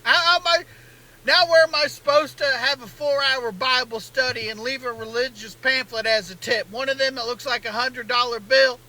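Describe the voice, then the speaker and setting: A man's voice: extremely high pitch, steady tone, normal speed, sharp tone, full character voice, poor audio. A man doing a ranting Southern good ol' boy. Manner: indignant rant, folksy drawl. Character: grumbling Southern man mourning his restaurant. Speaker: comedian in a satirical clip.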